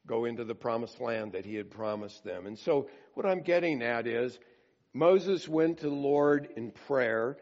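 A man preaching a sermon in a slow, emphatic way and acting out quoted prayers with drama. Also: mid-range voice, darkish tone, muffled recording. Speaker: pastor.

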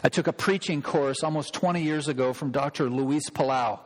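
A pastor delivering a sermon, emphatic and repeating key phrases for weight. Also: male voice, fairly high pitch, normal speed. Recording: long reverb of a large hall.

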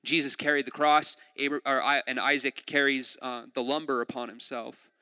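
A man preaching a sermon in a lively, conversational way, retelling a scripture story with asides and jokes. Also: medium pitch, normal speed, clean tone. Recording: long hall reverb.

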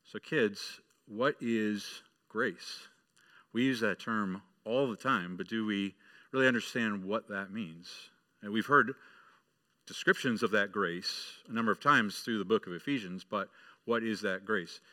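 Bright-voiced preaching man. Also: on the low side, moderate pace. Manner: addresses children directly, builds to emphatic preaching. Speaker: pastor. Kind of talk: sermon with storytelling.

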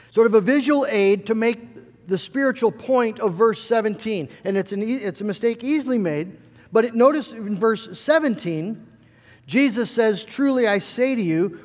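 A man's voice: high voice, big-room sound. A pastor delivering an earnest, emphatic sermon, often repeating words as he builds a point.

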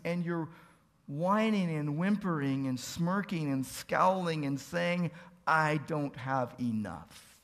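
Earnest male pastor preaching a sermon. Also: a little high. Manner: earnest, pleading rhetorical questions, builds to emphatic peaks.

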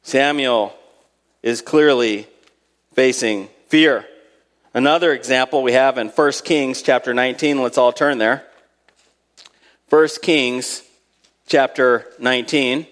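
A man's voice: mid-range voice, slow pace, long pauses, fairly bright tone, big-room sound. A man preaching a sermon, reading scripture aloud and retelling Bible stories in a conversational way with dramatic emphasis.

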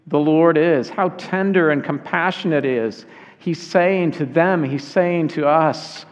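A man preaching a sermon earnestly, slowing down to weigh key phrases. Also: fairly high pitch. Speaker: pastor. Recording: dull sound with long hall reverb.

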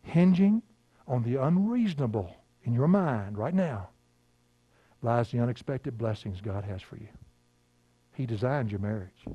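Folksy older preacher. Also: male voice, mid-range voice, lively intonation, normal speed, slightly rough, no room sound, lo-fi sound. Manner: folksy storytelling, laughing, swings from loud to hushed. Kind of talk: sermon with personal stories.

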